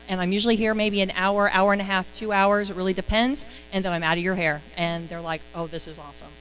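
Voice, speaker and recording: A woman giving a casual, chatty sales training talk, excitable and full of fillers. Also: on the low side, slight background noise, rough recording.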